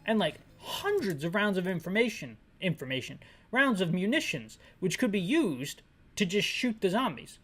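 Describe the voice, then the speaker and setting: A woman's voice: mid-range voice, very animated, moderate pace, fairly bright tone. A woman narrating a descriptive audio game playthrough with sarcastic, ranting asides. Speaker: game commentator.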